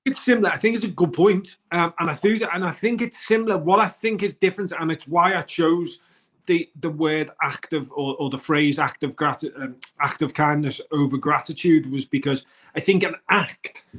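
British male co-host, earnest rambler, fairly high voice. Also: moderate pace, fairly bright tone. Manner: rambling, restarts often, earnest. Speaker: co-host of a morning wellness show. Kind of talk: casual morning show chat.

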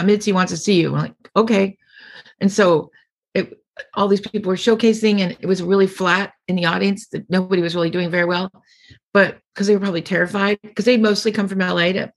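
A middle-aged woman comedian being interviewed, telling rambling anecdotes and acting out the people she quotes. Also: medium pitch. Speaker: comedian guest. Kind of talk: casual storytelling interview.

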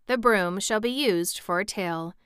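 A sensible tin man who speaks in a measured, matter-of-fact way, as a woman reading a storybook voices him. Bright and very clear with a dry sound. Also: on the low side, no room sound.

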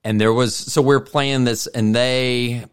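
A man's voice: mid-range voice, steady tone, slow pace, clean tone. A middle-aged man hosting a podcast, telling a rambling, profane story in a heated, casual way. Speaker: podcast host.

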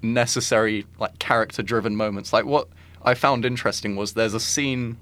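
This man co-hosts a podcast and chats casually about films, rambling with frequent "like" and "I think" fillers. His lowish voice is brisk and fairly bright, with fairly even intonation.

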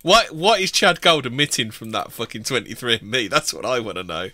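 A British man joins a casual livestream chat. He stumbles and repeats himself before landing his point. His voice has a bright edge and sounds dry and close. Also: mid-range voice, sing-song, brisk, dry recording. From Britain. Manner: stammering, trailing off into asides.

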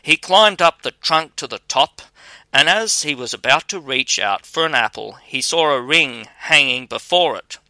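A man reading a fairy tale aloud as narrator, with a measured, even storytelling delivery. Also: mid-range voice, dry recording.

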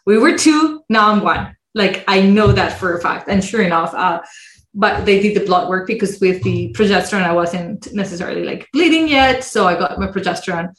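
A woman speaks as an interview guest, recounting a personal story with expressive delivery. Her voice sits at a middle pitch. The recording has a roomy echo around it. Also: a little fast. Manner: expressive, acts out other people's voices when quoting. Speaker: guest, mindset coach.

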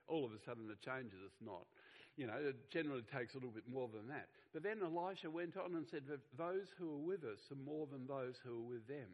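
A man's voice: medium pitch, lively intonation, a little fast, a little mellow, low-quality recording. A middle-aged man, preaching a sermon in an earnest, conversational way with frequent restarts. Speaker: pastor.

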